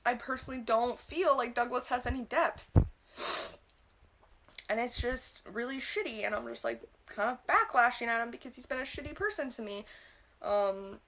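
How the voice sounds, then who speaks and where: A young woman vents in a loose, swearing vlog rant, her voice sitting a little high for a woman. She rambles and circles back, peppering almost every phrase with "like". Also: fairly bright tone, slight background noise. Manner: rambling and profane, constant filler "like". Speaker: vlogger. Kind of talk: casual ranting vlog monologue.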